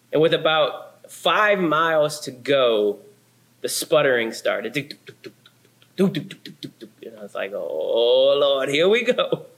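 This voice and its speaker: A man's voice: a little high, a bit bright. A young adult man preaching a sermon, telling a story with laughs and sound effects. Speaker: pastor.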